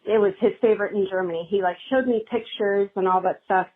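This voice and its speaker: A woman's voice: mid-range voice, fairly even intonation, fast, slightly rough. A woman caller leaving a rambling, nervous voicemail on a podcast hotline, telling a personal story. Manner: rambling, nervous, self-deprecating. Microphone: phone. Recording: tinny phone line.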